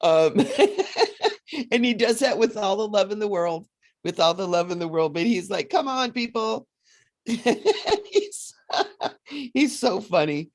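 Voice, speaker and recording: A woman hosting a casual psychic livestream, chatty and animated, often laughing as she reads cards. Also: medium pitch, takes it slowly, pauses often. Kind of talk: casual livestream chat with card readings.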